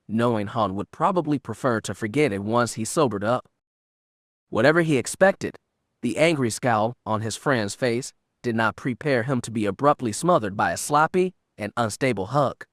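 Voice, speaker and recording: A man narrates an audiobook in a steady, even storytelling manner. His voice sits in an ordinary middle register, and the recording is dry and close to the mic. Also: medium pitch, no echo.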